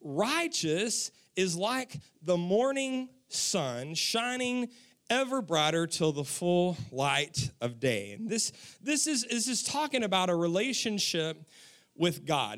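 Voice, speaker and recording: A man preaching a sermon as the pastor, calling out to his congregation, with sudden drops into a soft, hushed delivery. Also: sits high. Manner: emphatic preacher, calls on the congregation.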